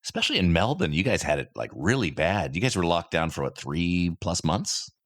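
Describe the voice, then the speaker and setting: A middle-aged American man hosting a podcast, relaxed and blunt in casual chat. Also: sits low, a little fast, no room sound, studio quality. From United States. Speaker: podcast host.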